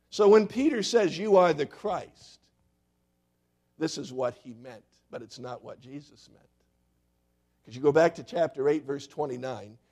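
In a church sanctuary, a man preaches, questioning the congregation and alternating between loudness and near-whispers. His voice falls in the middle range.

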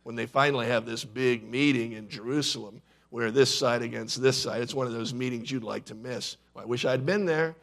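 A man preaching a sermon, telling the story in a dramatic way with sudden drops from loud to hushed. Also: mid-range voice, fairly quick, gravelly, few pauses. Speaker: pastor.

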